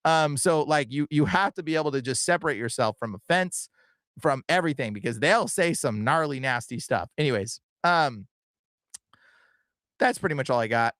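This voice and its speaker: A man's voice: on the high side, fairly bright tone, no room sound. A young man hosting a livestream podcast, talking earnestly and casually with lots of fillers and "bro". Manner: earnest, fast, filler-heavy with frequent "bro" and "like". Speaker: podcast host.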